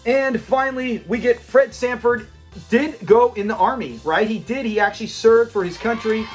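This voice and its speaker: Man, high-pitched voice, casual fan commentary, rambling and enthusiastic, faint background music. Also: moderate pace. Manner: enthusiastic and rambling, with frequent restarts and quoted lines. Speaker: channel host.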